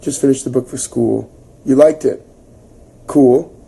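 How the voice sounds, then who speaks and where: A man's voice: medium pitch, measured pace, vocal fry, breathy edge. A young man hosting a casual livestream book club, chatting loosely with lots of fillers and reading out viewer comments. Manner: chatty, relaxed, filler-heavy, reacting to comments.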